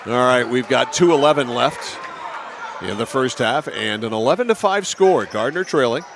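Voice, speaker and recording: A man's voice: mid-range voice, animated, normal speed. A man calling a basketball game play by play, chatty and teasing with his co-commentator. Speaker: play-by-play announcer. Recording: gym noise behind.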